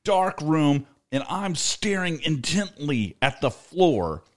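A middle-aged man tells a story on a casual podcast. His voice sits a little high and swoops widely as he gets animated. He laughs often as he talks. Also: slow. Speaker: podcast co-host.

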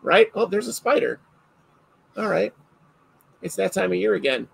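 A man hosting a casual chat, telling stories in an animated way and laughing often. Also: high-pitched, moderate pace, vocal fry, slightly rough, rough recording.

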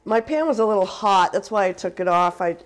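A woman's voice: medium pitch, animated, fairly quick, rough recording. A woman from Canada hosting a live cooking stream in a casual, chatty way, laughing often and answering viewers as she cooks. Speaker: cooking show host.

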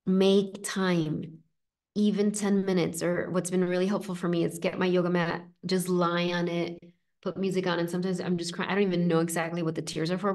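Woman coach, gentle and reassuring, casual live-session delivery. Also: fairly low pitch. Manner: gentle, reassuring, conversational with frequent fillers. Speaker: inner child coach. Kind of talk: live coaching session, reading chat comments.

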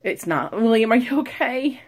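A woman playing a flustered mother who scolds and comforts her son, her voice excitable and swooping. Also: on the high side, normal speed, lightly acted. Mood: worried. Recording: clip recording with heavy static. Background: loud static noise.

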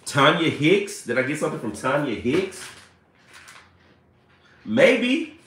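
A man's voice: fairly high pitch, sing-song, takes it slowly, fairly bright tone, reverberant, slight background noise. A man hosting a casual live stream from home, chatty, laughing often and reading messages aloud.

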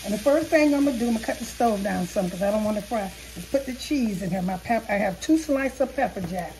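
A woman's voice: medium pitch, animated, fast, warm tone, slight background noise. Homey woman cooking at the stove. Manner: rambling, self-correcting, homey and chatty. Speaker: home cooking channel host. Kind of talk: casual cooking demonstration. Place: home kitchen.

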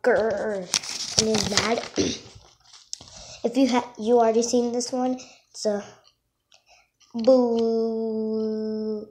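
A woman casually showing off her drawings, halting and self-conscious, often apologizing. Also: a little high. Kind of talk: casual show-and-tell. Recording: noisy home recording.

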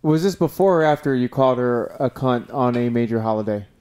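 A man on a podcast, casually chatting and cutting in with quick questions. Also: mid-range voice, darkish tone, clear, resonant tone. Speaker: podcast host. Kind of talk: casual chat.

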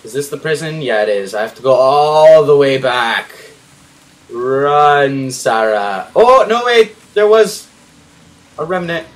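A man's voice: medium pitch, lively intonation, slow. Panicky, swearing young man gaming. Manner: panicky, swearing, yelling at the game. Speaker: gaming YouTuber. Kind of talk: horror game let's play commentary.

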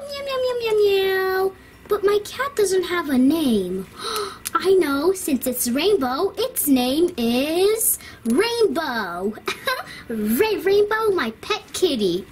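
A delighted little girl toddler , played by a woman chatters in a squeaky, very high voice. She talks slowly, giggling and meowing playfully, in a doll-play cartoon. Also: a little hiss or hum, heavily acted. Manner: giggly, coos and meows at her drawing.

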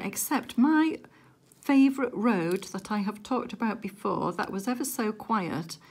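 A woman chatting casually while she works on a diamond painting at home, with gentle, softly murmured asides. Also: mid-range voice. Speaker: crafting vlogger.

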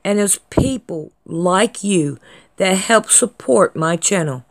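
Slow-talking chatty woman. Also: medium pitch, lively intonation, creaky. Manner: slow, chatty, scolding, drawls. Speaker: channel host reading comments. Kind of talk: casual comment-reading vlog.

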